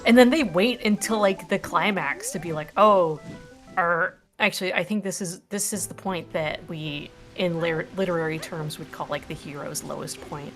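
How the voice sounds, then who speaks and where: A woman chatting casually with a friend during a stream, quick and animated, full of fillers and jokes. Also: fairly low pitch, faint music behind. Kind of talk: casual chat.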